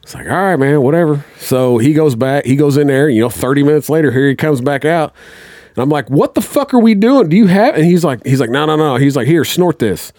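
A man's voice: mid-range voice, fairly quick, darkish tone, no echo, clean studio sound. A man telling a long, rambling story as a podcast guest, swearing a lot and acting out what people said. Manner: rambling, heavy swearing, acts out quotes. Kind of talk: casual storytelling.

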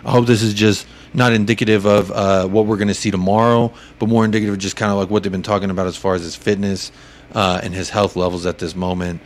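Lower-voiced man chatting football. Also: flat delivery, quick pace. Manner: thinks aloud, jokey asides. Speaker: podcast co-host. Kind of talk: casual sports chat.

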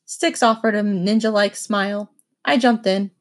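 A woman reading a children's novel aloud with expressive first-person narration. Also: medium pitch, moderate pace. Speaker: audiobook reader.

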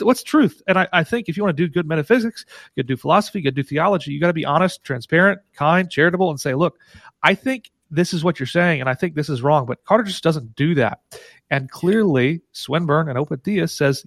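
This is a podcast guest, a man who argues in animated, emphatic bursts. His voice sits fairly high for a man. The recording is dry and close, with no room sound. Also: no room sound. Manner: emphatic and animated, quick asides. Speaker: guest, paper co-author. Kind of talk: casual academic debate.

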